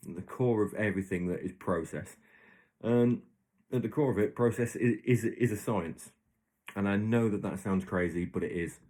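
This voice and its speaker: In a casual solo episode of his own podcast, a man with a fairly low, mellow voice wanders through invented examples. He keeps restarting and correcting himself as he tells these hypothetical stories.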